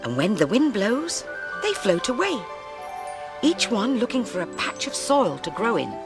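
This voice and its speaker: A woman presenting a children's programme, telling a story to young children in a gentle, sing-song way. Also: fairly high pitch, very animated, measured pace, over music.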